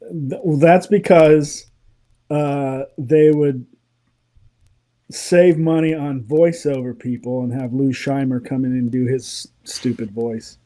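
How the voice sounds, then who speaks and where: A man, a guest in a casual interview, telling animated, opinionated stories and laughing often. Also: medium pitch, slow.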